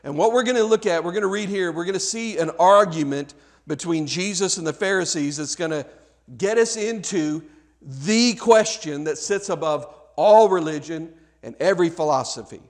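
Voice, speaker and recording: A pastor delivering a sermon in a high-pitched male voice. He preaches conversationally, stumbling and restarting often, and turns to question the congregation directly. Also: normal speed.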